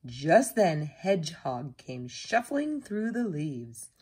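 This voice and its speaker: A woman narrating children's picture books in a gentle, expressive storytelling voice. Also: low-pitched, takes it slowly, husky. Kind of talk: children's story read-aloud.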